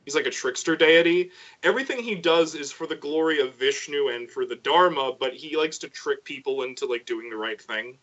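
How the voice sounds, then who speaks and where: A man on a casual podcast stream, retelling a myth in lively detail and briefly voicing the characters as he goes. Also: a little high, brisk, few pauses. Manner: animated storyteller, voices characters in passing. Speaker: co-host. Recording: dull lo-fi sound.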